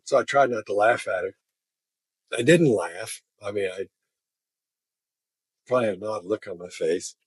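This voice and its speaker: Brief: man, relaxed chatty storyteller, husky low voice, dry recording. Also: dry recording. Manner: chatty, laughs while telling stories. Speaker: body language expert. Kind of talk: casual storytelling.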